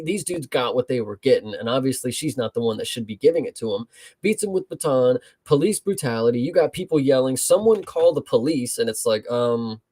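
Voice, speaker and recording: A man co-hosting a film review in a relaxed chat. His voice sits at a medium pitch, and he rambles loosely with plenty of swearing and restarts.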